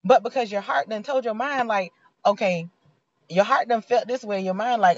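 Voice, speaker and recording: A woman's voice: medium pitch, moderate pace, no echo. A woman, giving a heartfelt, preachy motivational faith talk in a conversational way. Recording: dull lo-fi sound.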